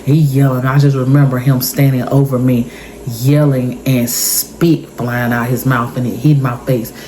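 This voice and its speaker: A woman's voice: very deep voice, little pitch movement, measured pace, warm tone, a little hiss or hum, poor audio. A woman in her thirties, telling an intense personal story for her vlog in an emotional, repetitive way. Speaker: vlogger. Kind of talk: story time monologue.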